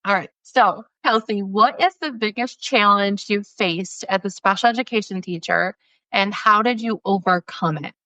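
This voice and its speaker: A woman's voice: medium pitch, moderate pace, pushed and bright, no echo. A woman hosting a podcast, asking questions in a friendly, casual way. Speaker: podcast host. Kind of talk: casual conversational interview. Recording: dull, slightly lo-fi dry sound.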